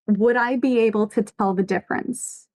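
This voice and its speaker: A woman's voice: fairly high pitch, steady tone, moderate pace, a little mellow. Earnest woman on a casual livestream. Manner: earnest and reflective, reads chat messages aloud. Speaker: fanfic author co-hosting a livestream.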